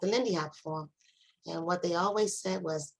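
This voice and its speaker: A woman moderating an online panel over a video call, speaking in a measured, affirming way. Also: lowish voice, vocal fry, rough recording.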